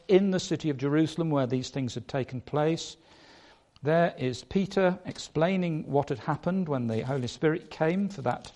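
A man preaching a sermon, emphatic, stressing points by changing his loudness and pace. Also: on the high side.

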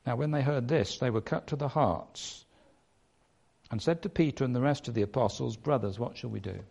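A man preaching a sermon, emphatic, stressing points by changing his loudness and pace. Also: mid-range voice, moderate pace, creaky, muffled recording.

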